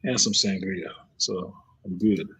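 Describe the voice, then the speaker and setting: A man's voice: deep voice, steady tone, measured pace, a bit bright, slightly rough. A man hosting a casual livestream hangout, telling profane stories and laughing often. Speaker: podcast host.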